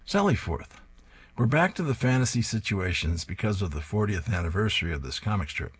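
A man's voice: fairly low pitch, expressive, a little fast, a little hiss or hum. A man reading newspaper comic strips aloud, plainly describing each panel and reading the lines.

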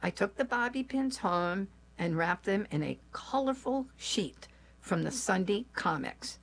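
A woman, likely older, telling a personal family story aloud in a slow, gentle, measured way. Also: mid-range voice, animated, gravelly.

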